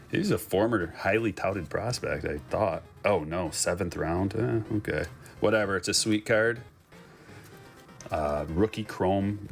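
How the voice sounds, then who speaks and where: Excited, joking male card-break host with a very deep voice; faint music behind. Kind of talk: casual live commentary while opening packs.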